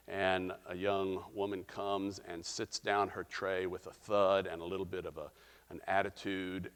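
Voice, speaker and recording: A middle-aged man preaching a sermon as pastor, telling stories in a reflective way with frequent pauses. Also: sits low, fairly bright tone, clear, resonant tone, in a large hall.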